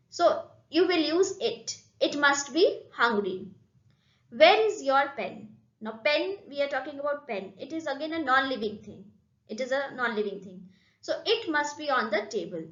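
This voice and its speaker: A woman with an Indian English accent teaching a grammar lesson, repeating points slowly and checking in with "okay" and "right". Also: sits high, lively intonation, a bit bright, echoey room, muffled recording. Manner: slow, repetitive, addresses students with "okay?" and "right?". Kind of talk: classroom lesson explanation.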